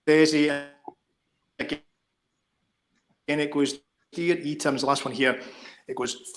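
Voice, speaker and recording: A man with a Scottish accent co-hosting a football podcast. He reads joke fan letters aloud slowly and drily in casual chat. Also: a little high, steady tone. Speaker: podcast co-host.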